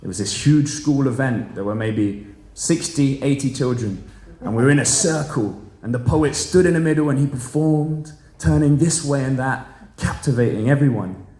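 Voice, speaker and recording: Man, 30s, from the Channel Islands, poet and storyteller, mid-pitched, lively, acts out dialogue; echoey room. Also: moderate pace. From Channel Islands, Jersey. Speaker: spoken word poet and teacher. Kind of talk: storytelling talk at a live event. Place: public library event room.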